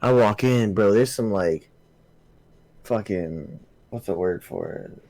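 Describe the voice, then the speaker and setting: A young man co-hosting a podcast, telling stories in relaxed, slangy casual chat with swearing. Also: lowish voice, slow pace, no echo, low-quality recording. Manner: laid-back storyteller, slangy, swears. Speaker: podcast co-host.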